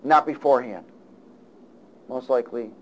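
A man preaching a sermon and reading scripture, calling out to the congregation and swinging between loud and soft. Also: medium pitch, normal speed, a little hiss or hum, poor audio. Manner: call-and-response, rises loud and falls soft.

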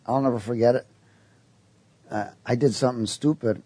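A man's voice: medium pitch, fairly even intonation, normal speed, mellow, slightly rough, no echo. A man preaching a sermon and telling a personal story, acting out voices as he goes. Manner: storytelling, quoting voices in his tale.

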